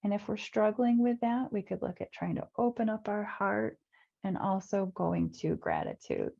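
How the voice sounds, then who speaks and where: A woman's voice: medium pitch, very animated, moderate pace, vocal fry, warm tone. A woman life coach giving an earnest webinar talk, repeating key phrases and acting out the voices in people's heads. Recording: dull lo-fi webinar audio.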